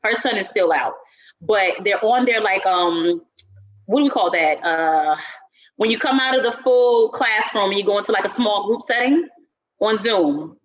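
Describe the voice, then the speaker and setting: A woman co-hosting a podcast in casual chat, telling a story with lively acted-out quotes. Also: medium pitch, moderate pace, highs cut off. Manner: animated storyteller who acts out quotes. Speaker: podcast co-host.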